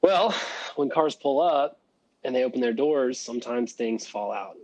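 Husky-voiced man telling a story. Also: mid-range voice, normal speed, low-quality recording. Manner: animated, laughs often, acts out voices. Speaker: guest, former valet. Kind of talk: casual storytelling.

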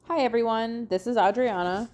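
A woman reading a children's storybook aloud in an expressive, sing-song way. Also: a little high, moderate pace. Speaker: storybook reader. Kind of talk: children's read-aloud narration.

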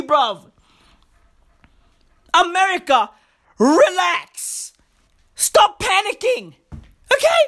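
High, animated woman ranting. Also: takes it slowly, long pauses, a little hiss or hum. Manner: animated, shouty, profane slang-heavy. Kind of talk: comedic rant.

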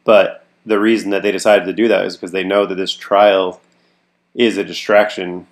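A man's voice: deep voice, little pitch movement, normal speed. A man co-hosting a podcast, talking casually about a film, often laughing and restarting his sentences. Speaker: podcast co-host. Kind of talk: casual movie discussion.

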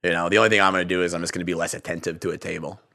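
A comedian chatting on a podcast, telling rambling stories packed with casual swearing. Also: male voice, sits low, flat delivery, vocal fry, bright, forceful tone. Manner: rapid, rambling storytelling with frequent profanity. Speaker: comedian guest.

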